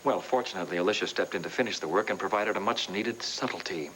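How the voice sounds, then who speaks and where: A wealthy hotel owner on a 1980s TV soap, dry and sardonic in every reply. The old recording carries a clear hiss. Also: male voice, low-pitched, fast, fairly bright tone, low-quality recording. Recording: hissy old tape.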